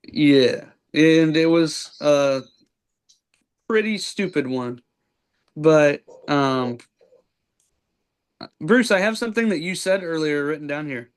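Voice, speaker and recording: Man, podcast host, casual recap chat, filler-heavy, slightly high pitch. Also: animated, slow pace, pauses often, smooth. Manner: rambling play-by-play recap with many ums and likes.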